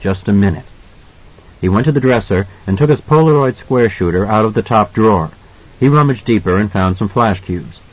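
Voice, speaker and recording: Male audiobook narrator, low husky voice, lively delivery, muffled lo-fi recording. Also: a little fast. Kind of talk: scripted narration.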